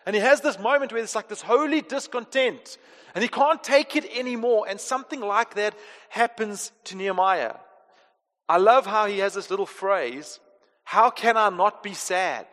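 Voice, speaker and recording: High-voiced preacher in a reverberant hall. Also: male voice, moderate pace. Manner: expressive, swings between emphatic and hushed. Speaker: pastor. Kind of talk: sermon. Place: church hall. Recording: long reverb of a large hall.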